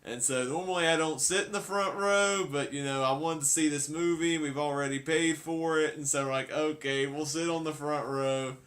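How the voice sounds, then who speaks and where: A man's voice: a little high, a little fast, few pauses, a bit bright. A man answering as a guest in a casual interview, easygoing and full of "uh" and "you know".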